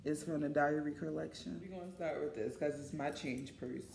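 A woman's voice: low voice, moderate pace, creaky, darkish tone, roomy sound, slight background noise. A woman vlogger talking casually and informally to her viewers, often calling them y'all. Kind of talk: casual vlog chat. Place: in line at a shopping mall coffee shop.

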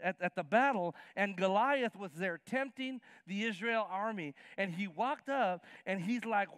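Animated high-voiced preacher. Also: male voice, measured pace, hardly any pauses, no room sound, clean studio sound. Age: 50s. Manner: animated, acts out Bible characters in slangy voices. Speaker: pastor. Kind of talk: sermon. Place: church sanctuary.

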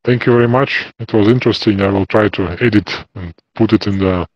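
Russian-accented man, low voice, dry muffled sound. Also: fairly even intonation, fairly quick, dry recording. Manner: hesitant, searching for words. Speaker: interviewer. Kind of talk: casual conversation.

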